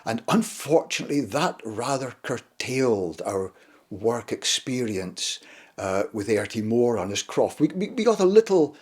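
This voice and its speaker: An older man from Shetland, telling childhood stories in a casual, unhurried way. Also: medium pitch, sing-song, a little mellow, husky. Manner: unhurried, fond retelling of childhood memories. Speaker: storyteller. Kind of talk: casual spoken storytelling.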